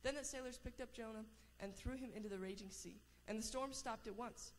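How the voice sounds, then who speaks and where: A woman reading a Bible passage aloud in a steady voice, with small slips and restarts. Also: fairly high pitch, brisk, in a large hall, slight background noise. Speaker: scripture reader.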